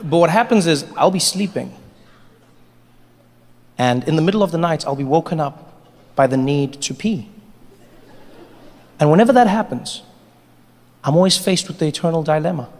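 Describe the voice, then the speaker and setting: A man performing a stand-up comedy set, animated and playful, on a large theater stage. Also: on the high side, moderate pace, pauses often. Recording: long hall reverb, faint noise.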